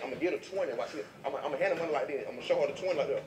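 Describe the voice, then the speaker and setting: A man being interviewed, telling comedic stories in an animated, profane way and laughing through them. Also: a little high, rapid-fire, few pauses, roomy sound, distant mic, a crowd in the background. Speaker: interview guest. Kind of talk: comedic street interview storytelling.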